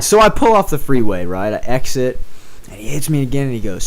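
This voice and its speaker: A man co-hosting a podcast in casual chat, telling stories in an animated way with casual swearing. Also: lowish voice, quick pace. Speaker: podcast co-host.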